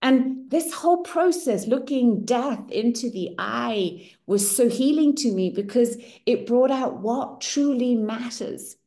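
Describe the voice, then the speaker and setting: Hosting a women's circle, a middle-aged German-native woman shares a personal story with candid expressiveness, often checking in with "right?". Her voice sits fairly high, and she talks slowly with hardly any pauses.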